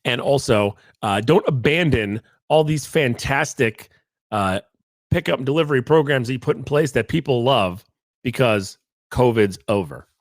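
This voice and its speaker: A man's voice: mid-range voice, moderate pace, no echo, studio quality. A man hosting a podcast, talking casually in a rambling, jokey monologue. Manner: animated, rambling, jokey asides. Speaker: podcast host.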